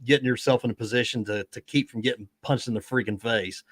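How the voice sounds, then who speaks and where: A man's voice: medium pitch, fairly even intonation, fast talker, fairly bright tone, no room sound. Casual male host, chatty, fillers, mid voice, dry recording. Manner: easygoing, chatty, lots of "you know". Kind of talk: casual conversation.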